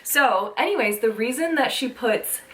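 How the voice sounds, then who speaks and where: A woman in her thirties chatting excitedly as she unboxes nostalgic items, gushing and gasping with delight and talking with plenty of fillers. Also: fairly high pitch, normal speed, a little hiss or hum. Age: 30s. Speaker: vlogger.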